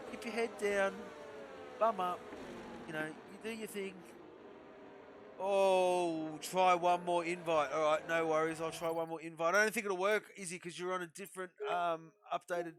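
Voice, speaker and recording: A young man giving chatty, excitable live commentary on an online racing league, laughing often and talking to viewers in chat. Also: high-pitched. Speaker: esports race commentator.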